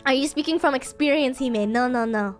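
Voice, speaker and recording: A woman's voice: sits high, fairly quick, soft background music. A woman streaming a playful Japanese vocabulary lesson, giggling often and acting out little scenes.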